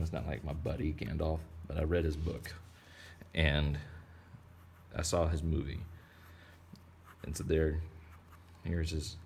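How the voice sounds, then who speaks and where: Deep-voiced, jokey man teaching kids to draw. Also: a little mellow, slight background noise. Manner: rambling, playful, joking asides. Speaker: drawing teacher. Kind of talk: casual drawing tutorial for kids.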